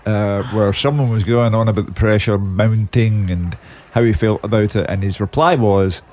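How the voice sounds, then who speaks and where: A man's voice: lowish voice, fairly even intonation, normal speed, a little mellow. A Scottish man giving football predictions as a radio pundit, with wry, dry remarks. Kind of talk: casual radio sports chat. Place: radio studio.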